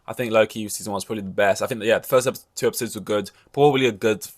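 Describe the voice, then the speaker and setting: A man's voice: on the low side, very fast. A man hosting a podcast in loose, rambling casual chat, full of "like" and the odd swear word. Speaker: podcast host.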